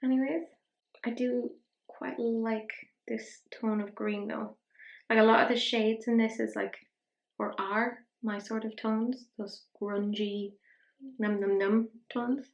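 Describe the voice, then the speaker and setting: A woman's voice: on the high side, flat delivery, slow, vocal fry, muffled recording. A young Irish woman chatting casually through a makeup tutorial, with a self-mocking, rambling manner. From Ireland. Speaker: beauty vlogger. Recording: echoey room.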